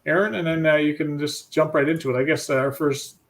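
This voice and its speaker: Brief: middle-aged male host, slightly high voice, chatty and self-deprecating. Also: steady tone, fast talker. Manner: laughing, stumbling over names. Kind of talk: casual livestream chat.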